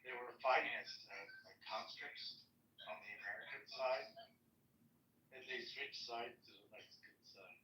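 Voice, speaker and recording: A man's voice: medium pitch, normal speed, bright, forceful tone, roomy sound, far from the mic, a little hiss or hum, low-quality recording. A man chatting casually on a podcast, sharing offbeat facts.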